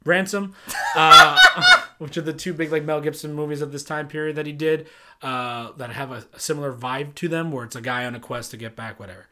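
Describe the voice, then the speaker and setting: A man's voice: on the high side, very animated, fairly quick, sharp tone. A man co-hosting a casual movie review podcast, recapping plots in a rambling way with lots of fillers. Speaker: podcast co-host. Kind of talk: casual film review chat.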